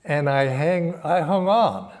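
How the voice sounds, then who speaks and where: An older man giving a Sunday sermon and telling a personal story in a reflective, halting way, often restarting his phrases. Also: fairly high pitch. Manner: slow, reflective, halting phrasing with frequent restarts and soft laughs. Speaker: spiritual teacher giving a Sunday talk.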